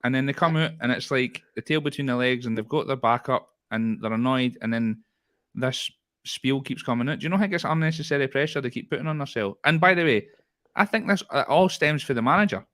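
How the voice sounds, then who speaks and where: A man with a Scottish accent co-hosting a casual football podcast, talking in a lively, rambling way with frequent laughs and restarts. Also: mid-range voice, a little fast. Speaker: podcast co-host.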